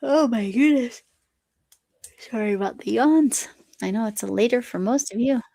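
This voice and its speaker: Chatty woman with a gravelly voice. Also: a little high, normal speed, warm tone, no echo. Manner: chatty, reads viewer comments aloud, talks to her cat. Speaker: livestream host. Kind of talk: casual live chat while crocheting.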